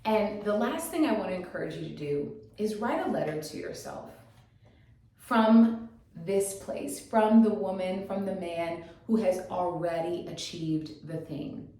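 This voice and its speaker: Mellow-voiced woman coaching in an echoey room. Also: lowish voice, unhurried. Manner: encouraging, asks rhetorical questions, checks in with 'okay?'. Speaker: motivational coach. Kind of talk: motivational teaching talk. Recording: very echoey room, distant mic.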